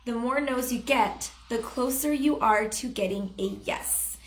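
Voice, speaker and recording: A woman's voice: a little high, fairly bright tone, reverberant. Upbeat woman coaching on a home live stream. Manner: chatty, upbeat, acts out sample messages. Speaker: direct sales trainer. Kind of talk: live-stream training talk. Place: home room. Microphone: phone or webcam on a live stream.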